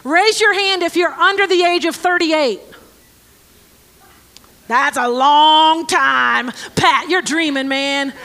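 A woman with a very high, bright, ringing voice delivers a sermon to a church congregation. She reads scripture at a slow, measured pace and then drops into wry, sarcastic commentary. She talks to the crowd directly and casually. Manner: joking, sarcastic asides to the congregation; slow, deliberate scripture reading. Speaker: preacher. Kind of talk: conversational sermon with Bible reading.

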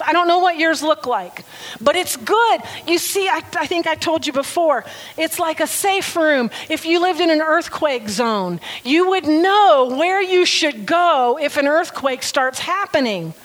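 Slow, high-voiced woman preaching. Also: animated, a bit bright, low-quality recording. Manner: earnest, emphatic, slow stresses on key phrases. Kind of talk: sermon.

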